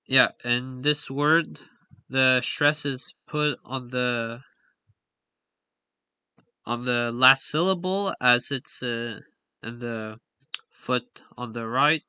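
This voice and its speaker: A man's voice: mid-range voice, drawn-out words, long pauses, sharp tone, clean tone, no room sound. A man explaining a language's stress patterns in a casual, hesitant way, full of fillers and self-corrections. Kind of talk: casual explainer with on-screen examples.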